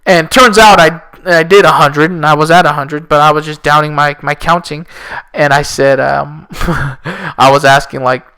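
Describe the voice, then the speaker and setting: Male teacher and podcast host; smooth, slightly high voice, sarcastic and rambling. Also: fairly even intonation, moderate pace, sharp tone. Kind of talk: casual solo podcast talk.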